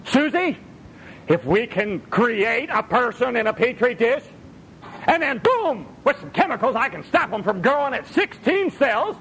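A man doing an excited, boastful cure-peddler. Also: very high voice, a little hiss or hum, pitched above the performer's own voice, heavily acted, poor audio. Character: eager man boasting of petri-dish cures.

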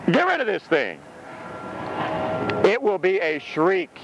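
A man's voice: high-pitched, wildly swooping pitch, slow, dull audio, noisy background. A man preaching an intense, exclaiming sermon, laughing now and then between points. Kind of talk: fiery sermon.

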